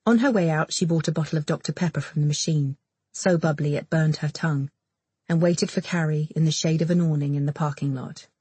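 Woman narrator, low husky voice, dry close read. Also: a little fast, warm tone, no echo. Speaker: audiobook narrator. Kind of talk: scripted narration.

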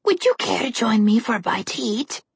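A woman voicing a grotesque old witch in a storybook reading, with a high-pitched, crackly voice and slow, wheedling speech. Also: very animated, vocal fry, husky, no echo, exaggerated voice. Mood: coaxing. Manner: slow, drawn-out coaxing.

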